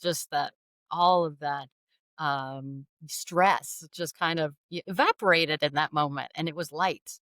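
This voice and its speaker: Animated, self-deprecating woman storyteller. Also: low voice, unhurried, no room sound, clean studio sound. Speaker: guest author. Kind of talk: candid personal storytelling.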